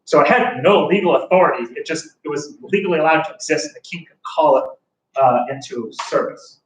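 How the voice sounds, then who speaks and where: Teacher lecturing in an echoey classroom. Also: male voice, fairly high pitch, a bit bright, distant mic. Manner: conversational, acts out voices of the people. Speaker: history teacher. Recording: echoey room, speaker off-mic, faint room noise.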